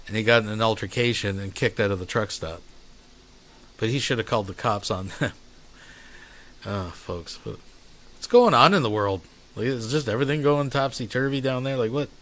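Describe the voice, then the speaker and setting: A man's voice: mid-range voice, fairly bright tone. A man commenting on a clip he has just played, summing it up in an amused, incredulous way. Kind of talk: reaction commentary.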